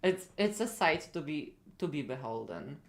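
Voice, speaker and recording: A woman's voice: deep voice, sing-song. A woman co-host chatting casually, hesitant and full of fillers. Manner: unhurried and hesitant, with many fillers. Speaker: podcast co-host. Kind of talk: casual chat.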